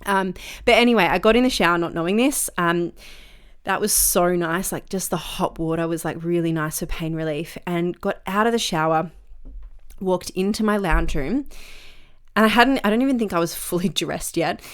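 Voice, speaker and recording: Woman, young adult, slightly low pitch, casual podcast storytelling, chatty with lots of fillers. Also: moderate pace, smooth. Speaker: podcast host.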